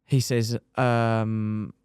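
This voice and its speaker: Animated young man telling a story. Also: on the low side, extremely slow, clear, resonant tone, no echo, studio quality. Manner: animated, colloquial, quotes others in his story. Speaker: podcast guest. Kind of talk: casual storytelling chat.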